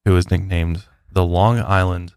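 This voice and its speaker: A man co-hosting a podcast in an easygoing, casual way, hesitating with fillers now and then. His voice sits very low. The recording is close and dry. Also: level tone, measured pace, darkish tone, clean tone, no echo. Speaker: podcast co-host. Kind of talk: casual chat.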